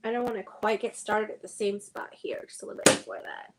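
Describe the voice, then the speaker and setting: A woman's voice: mid-range voice, very animated, a little fast, very noisy. A woman hosting a casual sewing livestream, thinking aloud and chatting to her viewers as she works.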